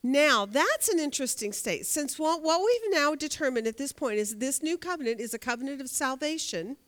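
A woman's voice: high-pitched, animated, normal speed, a bit bright. Woman teaching a Bible lesson. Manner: asks the class questions, reads scripture aloud.

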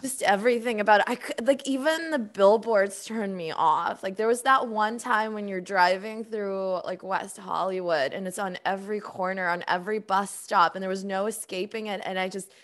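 A woman's voice: medium pitch, moderate pace, few pauses. A woman guest on a film podcast, casual and blunt, dismissing films she disliked with amused frankness. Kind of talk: casual film review chat.

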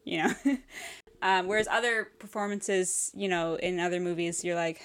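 A woman's voice: on the low side, fairly even intonation, normal speed, fairly bright tone, clean tone. A woman co-hosting a podcast, reviewing a movie in a casual, rambling way, laughing and swearing often. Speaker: podcast co-host.

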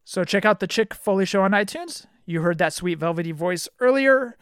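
A man hosting a podcast, giving friendly shout-outs in a casual chat and laughing often. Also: high voice, expressive, normal speed, clean tone, no room sound, studio quality. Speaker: podcast host.

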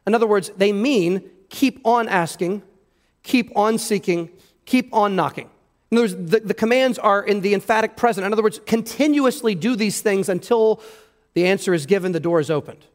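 A man's voice: sits high, moderate pace. A pastor preaching an earnest sermon, emphatic and repeating words as he stresses his points. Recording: long hall reverb.

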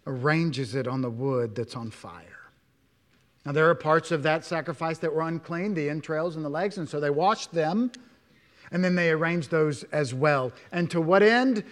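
A male pastor delivers a sermon in a church, his voice sitting a little high for a man. He punches key words, then falls to near-whispers and asks his listeners many questions. The sound rings with a long hall reverb. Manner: emphatic, swings between loud stresses and hushed asides, many rhetorical questions.

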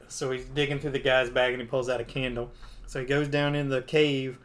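A man's voice: medium pitch, little pitch movement, a little fast, a bit bright. A man co-hosting a podcast, casually retelling a comic book story. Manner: casual, filler-heavy, playful. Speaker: podcast co-host.

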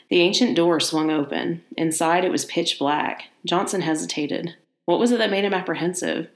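Low-voiced woman reading a horror story. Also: moderate pace, gravelly, echoey room. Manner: steady narration with casual asides.

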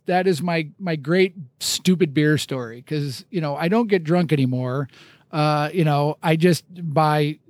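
A man's voice: fairly high pitch, darkish tone, no echo. A middle-aged man hosting a podcast, telling a rambling, self-mocking story at a casual pace, with restarts and laughs. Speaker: podcast host.

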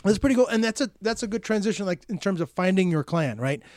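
A man's voice: sits high, animated, quick pace, a little mellow, dry recording. A man co-hosting a podcast in casual chat, talking conversationally and often chiming in with agreement. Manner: frequent backchannel agreement, conversational. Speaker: podcast co-host.

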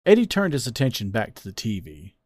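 A man's voice: lowish voice, huge pitch swings, fairly quick, darkish tone, no echo. Man narrating a story, dry sound.

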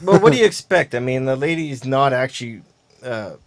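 A man's voice: mid-range voice, animated, a little fast, dry recording. A man co-hosting a podcast, casually recounting movie scenes in easygoing chat. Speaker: podcast co-host.

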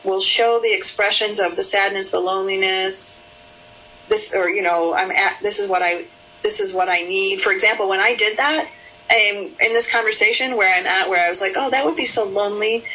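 A woman therapist with a bright, forward tone explains a case in an interview. She often acts out the curious, soothing voice she uses in sessions, lifting it high and lilting. The recording is somewhat dull and lo-fi. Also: steady tone, moderate pace.

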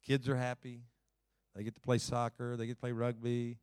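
A male pastor preaching a sermon in a conversational way, swinging between emphatic lines and hushed, quiet ones. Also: medium pitch, completely flat delivery, moderate pace, smooth, no echo, clean studio sound.

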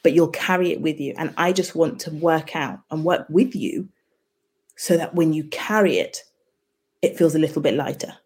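A woman with a low, slightly husky voice speaks as a guest on an interview podcast. She is a midwife who explains her work reflectively, often slipping into little acted-out exchanges to make a point. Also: normal speed, a little mellow. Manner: reflective, explains by acting out example dialogues. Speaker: midwife and birth debrief facilitator, podcast guest. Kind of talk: conversational interview.

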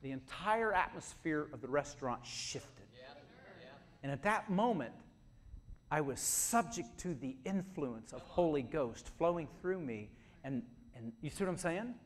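A man preaching a sermon, telling stories and building to shouted calls to advance. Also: on the high side, lively intonation, measured pace. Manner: storytelling, building to shouted exhortation. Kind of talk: sermon with storytelling.

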